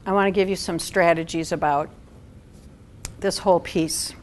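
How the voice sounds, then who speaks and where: A woman social worker giving a talk to a support group, animated and acting out quotes with laughs. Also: on the low side, normal speed, slight background noise.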